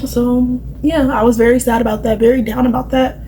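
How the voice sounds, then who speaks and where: A woman's voice: on the high side, little pitch movement, brisk, dark tone, a little hiss or hum, poor audio. A young woman, rambling and confiding as she chats through her makeup routine, with plenty of "like" and "you know". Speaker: vlogger. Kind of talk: casual chatty vlog while doing makeup.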